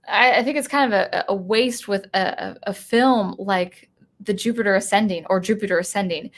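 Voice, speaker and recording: A woman hosting a live stream about music, talking casually and rambling with many restarts while reading out viewer comments. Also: medium pitch. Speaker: music channel host.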